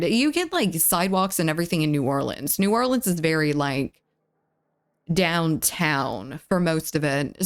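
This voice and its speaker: A woman, rambling in casual chat with her live viewers and reading their messages aloud. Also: on the low side. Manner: rambling, lots of filler "like", reads chat aloud. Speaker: streamer.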